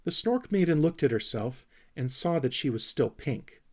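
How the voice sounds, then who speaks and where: A man narrating a children's storybook in a gentle, expressive way. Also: fairly high pitch, moderate pace. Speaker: audiobook reader.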